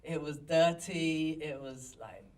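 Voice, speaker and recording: A pastor telling a story in a sermon, animated and self-mocking, recorded in a church. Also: male voice, a little high, takes it slowly, far from the mic, poor audio. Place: church hall.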